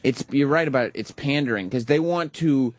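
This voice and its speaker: A man's voice: mid-range voice, a little fast. A man co-hosting a talk radio show, explaining his points at length in casual banter. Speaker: radio co-host.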